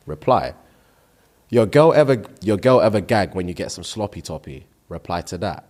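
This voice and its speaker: A man's voice: fairly low pitch, normal speed. A man co-hosting a podcast in casual chat, reading out listener comments and laughing often. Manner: animated, reads comments aloud and laughs often. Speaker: podcast co-host.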